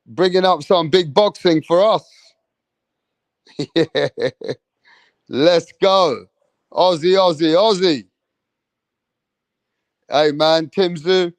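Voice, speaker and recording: This young man's voice sits a little high, and he speaks slowly with long pauses on a boxing livestream. He chats casually, uses lots of slang, repeats himself, and reads viewer comments aloud, with no room sound.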